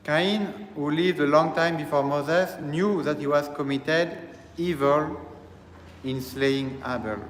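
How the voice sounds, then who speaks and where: A man who serves as a priest, delivering a slow, deliberate teaching sermon and repeating phrases as he explains. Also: on the high side, steady tone, slight background noise. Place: church. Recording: echoey church hall, faint ambience.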